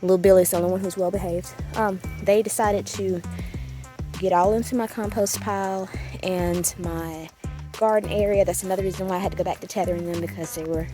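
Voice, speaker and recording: Woman, farm owner, casual vlog chat, filler-heavy, mid pitch, music bed. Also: fairly even intonation, fairly quick. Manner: chatty and informal, with frequent ums. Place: outdoors around a small farm.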